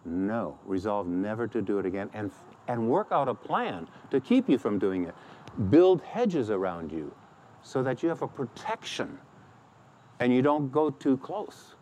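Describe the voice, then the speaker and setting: A man's voice: mid-range voice, wildly swooping pitch, measured pace, a little mellow, a little hiss or hum. A middle-aged man preaching a sermon as pastor, acting out quoted complaints in a raised voice.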